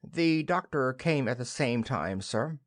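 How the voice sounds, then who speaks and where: A man's voice: mid-range voice, lively intonation, a little slow, natural voice. A man voicing a polite, deferential household maid in an audiobook play reading.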